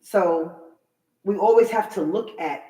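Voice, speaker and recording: At a measured pace and medium pitch, an emphatic middle-aged New Yorker shares a story as a talk show guest, acting out the lines of the people involved. Poor audio and a roomy sound mark the recording.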